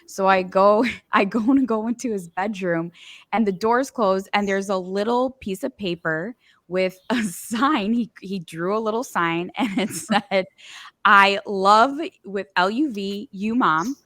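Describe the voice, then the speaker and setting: A woman's voice: mid-range voice, a little slow, fairly bright tone, dry recording, clean studio sound. A woman in her forties in casual podcast chat, telling a family story with frequent laughter. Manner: chatty, laughs often while telling stories.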